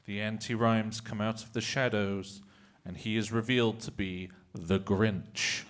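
A man's voice: fairly low pitch, steady tone, unhurried, a bit bright. A man narrating stage directions in a live improv comedy show, often chuckling.

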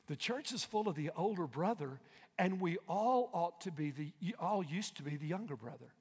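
High-voiced preacher shouting in a reverberant hall. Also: male voice, husky. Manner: fervent preaching that swings from hushed to shouting, with call-and-response. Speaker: pastor. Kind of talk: sermon.

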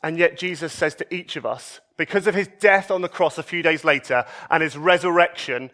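A male preacher with a high, bright voice delivers a sermon. He swings between emphatic raised lines and hushed, soft passages. His tone is lively and pointed throughout. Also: fairly quick. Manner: expressive, shifts between emphatic highs and soft low passages.

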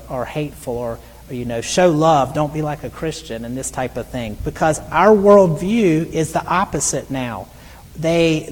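A middle-aged man preaching a sermon in an earnest way, reading scripture aloud slowly. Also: a little high, long reverb tail, a little hiss or hum, poor audio. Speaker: pastor.

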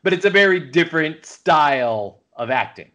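A man's voice: on the high side, lively intonation, normal speed, fairly bright tone. Rambling man co-hosting a podcast. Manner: rambling, full of "you know" fillers. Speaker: podcast co-host. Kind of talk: casual podcast chat.

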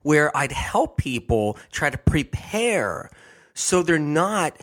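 A man's voice: a little high, very animated, slow, a bit bright. Giggly, emphatic man hosting a radio show. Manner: giggly, emphatic, repeats himself. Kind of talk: casual monologue on a health show.

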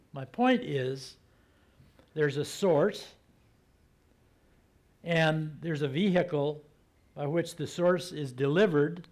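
A man preaching a sermon like he is telling a story to friends, acting out the people in it. His voice sits a little high for a man. He often slows down and drops to a soft, hushed tone to drive a point home. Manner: conversational storytelling, acting out quotes. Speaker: pastor.

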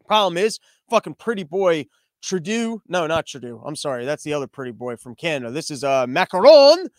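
A man's voice: a little high, sing-song, a little fast, no room sound, clean studio sound. A man hosting a comedy show, delivering a sarcastic, ranting political monologue.

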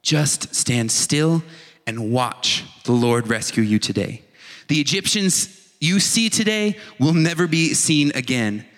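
A man preaching a casual, animated sermon, acting out short voiced asides as he tells the story. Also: fairly high pitch, slow, long reverb tail.

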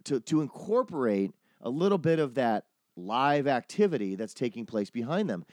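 A man's voice: mid-range voice, no echo. Profane storytelling man, dry close sound. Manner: animated, profane, acts out quoted people. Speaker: podcast host telling a story. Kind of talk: casual storytelling chat.

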